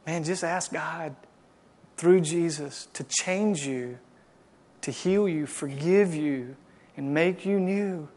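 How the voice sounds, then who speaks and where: A male pastor preaching to a congregation and leading a prayer, swinging from loud impassioned exhortation to quiet, hushed pleading. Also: on the high side, slow pace. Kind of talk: sermon and closing prayer. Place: church service.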